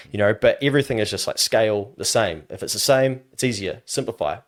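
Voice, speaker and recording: Talking fast with hardly any pauses, a New Zealander at medium pitch appears as a podcast guest who works as a business adviser. His chat is casual, and he brings his stories to life by imitating the voices of the people in them.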